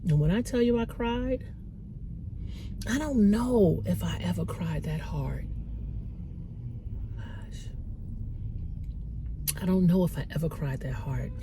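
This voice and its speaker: Middle-aged woman with vocal fry. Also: lowish voice, takes it slowly, long pauses, background noise. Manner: candid, rambling, emotional, repeats herself. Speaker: Christian motivational vlogger. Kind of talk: heartfelt personal vlog.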